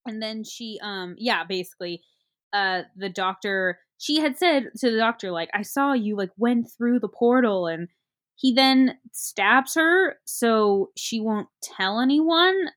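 A woman's voice: on the high side, expressive, fairly bright tone. Rambling woman recapping a film. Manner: rambling, halting, with many fillers. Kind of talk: casual movie review chat.

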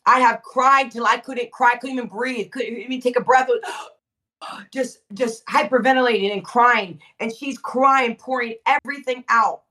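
A woman preaching with fervor, repeating phrases for emphasis and rising to shouts. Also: a little high, steady tone, normal speed, hardly any pauses, recorded from a distance. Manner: fervent, emphatic repetition, swells to shouting. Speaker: guest preacher. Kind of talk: impassioned preaching.

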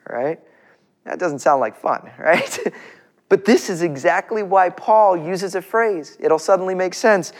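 A man's voice: sits high, lively intonation, moderate pace. A middle-aged male pastor preaching a conversational, emphatic sermon and asking his listeners questions.

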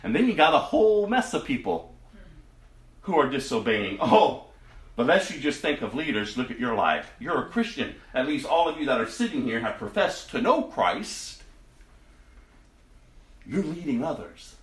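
Man, pastor, sermon, impassioned, hushed to loud, very animated pitch, echoey room. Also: normal speed.

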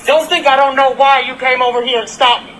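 A man's voice: very high voice, flat delivery, a little fast, sharp tone, slight background noise, poor audio. A man in a heated, profane confrontation outdoors on a residential street, filming on his phone. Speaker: delivery worker.

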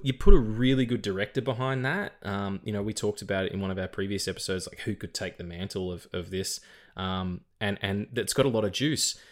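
Australian man, co-host, lowish voice, rambling casual chat, swears a lot. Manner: rambling, profane, stumbles over repeated words. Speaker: podcast co-host.

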